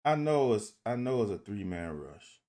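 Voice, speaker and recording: A man giving casual commentary on football game film. He talks to viewers directly and critiques the plays in an animated, exasperated way, with swearing. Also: lowish voice, normal speed. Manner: addresses viewers directly as "y'all". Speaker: football film breakdown host.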